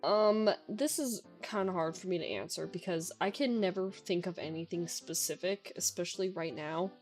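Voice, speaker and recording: A woman's voice: on the low side, normal speed, darkish tone, faint music behind. A young woman streamer in a casual Q&A chat, talking in a chatty way with lots of filler words.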